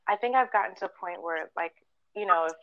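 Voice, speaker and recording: A woman co-hosts a podcast, speaking in a fast, mid-range, bright voice with a forceful tone. She tells personal stories in casual, earnest chat, full of fillers, and acts out what people said. The recording is lo-fi with no room sound.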